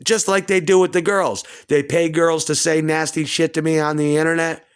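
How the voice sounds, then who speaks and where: A man's voice: fairly high pitch, flat delivery, moderate pace, clear, resonant tone. A man at home delivering an agitated, profane, rambling rant. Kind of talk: rambling monologue to camera. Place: at home indoors.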